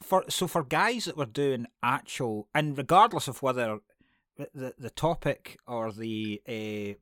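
A man's voice: mid-range voice, measured pace, fairly bright tone, no echo, studio quality. A man chatting casually, blunt and opinionated. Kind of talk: casual podcast chat.

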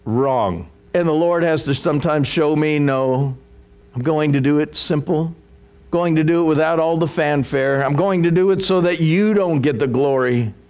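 A man preaching a sermon, telling a story and acting out its characters, with dramatic swings in loudness. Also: fairly high pitch, moderate pace. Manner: acts out the story's people in raised voices.

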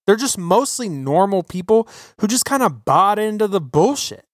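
A man hosting a podcast, ranting about politics with heavy swearing in an animated, emphatic way. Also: high-pitched, normal speed, no room sound, clean studio sound. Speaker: podcast host. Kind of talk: profane political rant. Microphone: podcast microphone.

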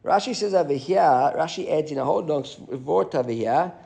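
A man teaching a live Talmud class, reading Aramaic passages and explaining them in English with animated asides. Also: fairly high pitch, fairly quick, gravelly.

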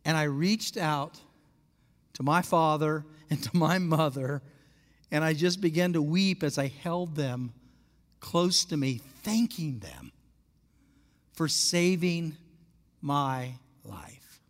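A male pastor from Alaska telling a story in a sermon. He is animated and asks the congregation questions. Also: fairly high pitch, takes it slowly, pauses often. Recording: long hall reverb.

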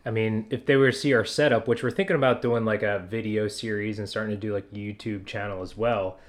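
A man's voice: on the low side, steady tone, fairly quick. A man co-hosting a podcast in casual chat, laid-back and slangy, recorded at a home desk on one shared mic set away from him. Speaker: podcast co-host. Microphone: single shared desk mic, set away from him.

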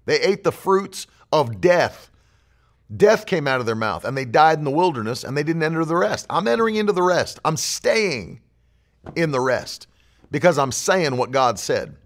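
A man's voice: a little high, very animated, normal speed. A man preaching a sermon as pastor, emphatic and driving his points home with repeated declarations.

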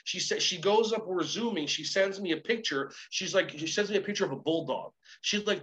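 A man with a high-pitched voice speaks as a motivational coach. He tells energetic stories and switches between his own voice and the voices of the people he quotes. The audio is a little dull and muffled. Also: a little fast, hardly any pauses. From Israel. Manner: energetic, acts out both sides of conversations. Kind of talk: animated storytelling talk.

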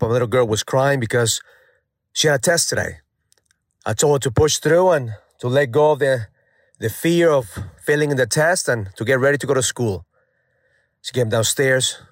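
A man's voice: mid-range voice, no room sound, clean studio sound. Earnest father telling a motivational story. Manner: earnest, storytelling, repeats phrases for emphasis. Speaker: host of a daily motivational message. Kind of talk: casual spoken reflection.

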